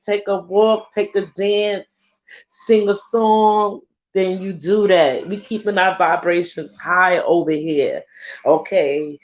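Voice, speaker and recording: An effusive, emotional woman talks straight to her followers in a loose, laughing, heartfelt way. Her voice sits at a middle pitch. It comes through a slightly dull, lo-fi recording. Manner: emotional and effusive, swears casually; laughs often, with a loose conversational rhythm. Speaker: spiritual vlogger addressing followers. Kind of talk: casual heartfelt talk.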